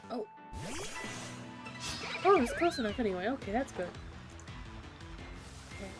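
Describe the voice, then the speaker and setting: An excitable woman chats her way through a game stream, joking at her own expense. Her voice sits somewhat high, and game music is clearly heard behind her. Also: unhurried. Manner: chatty, excitable, self-mocking. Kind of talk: casual game commentary.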